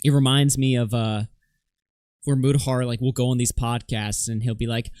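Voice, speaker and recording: A man's voice: medium pitch, flat delivery, moderate pace, a little mellow, no echo, studio quality. A man streaming live, reacting to clips with sarcastic, laughing commentary. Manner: mocking, sarcastic, laughs a lot.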